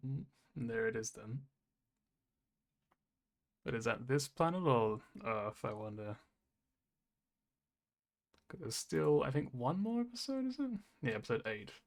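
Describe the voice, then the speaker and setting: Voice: medium pitch, very animated, unhurried, long pauses. A streamer giving casual watch-along commentary, rambling with lots of "like" and frequent laughs. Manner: rambling, full of "like" fillers, laughs often.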